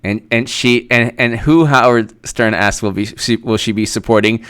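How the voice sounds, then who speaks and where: A man's voice: medium pitch, steady tone, normal speed, hardly any pauses, a bit bright, smooth. A man hosting casual political commentary, reading an article aloud and reacting with sarcastic laughs. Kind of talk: casual live-stream commentary.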